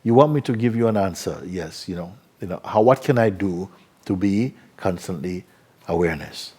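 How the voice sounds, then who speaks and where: Low husky guy teaching spiritual stuff, slow, keeps asking questions back. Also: animated, mellow. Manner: unhurried, questioning, repeats for emphasis. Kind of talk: spiritual talk to a live audience.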